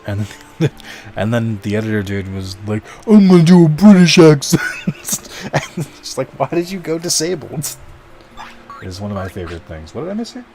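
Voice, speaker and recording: A man streaming a video game, rambling casually to his chat and swearing now and then. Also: deep voice. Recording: game music underneath.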